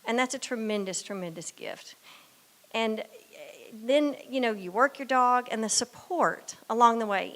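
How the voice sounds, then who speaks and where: An older woman gives a heartfelt graduation speech in an ordinary, mid-pitched voice. She talks in a halting, emotional way and sounds close to tears. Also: fairly bright tone. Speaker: guide dog graduate.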